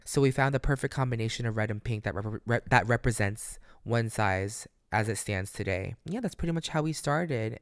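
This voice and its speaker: A man talking through a casual solo podcast, candid and emphatic, swearing freely and speaking straight to his listeners with motivational encouragement. His voice is smooth and clear, recorded close and dry. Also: mid-range voice, no room sound. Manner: motivational, addresses listeners directly. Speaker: podcast host.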